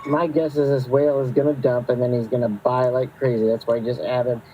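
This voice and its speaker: A man in a casual chat lays out price levels matter-of-factly. His tone is dark and mellow, with faint noise behind him. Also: mid-range voice, flat delivery, a little fast, lo-fi sound.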